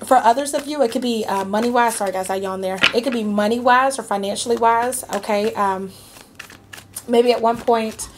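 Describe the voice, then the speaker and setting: A woman's voice: a little high, moderate pace, noisy background. A woman giving a casual tarot reading, chatty and reassuring, with many fillers and frequent okays. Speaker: tarot reader.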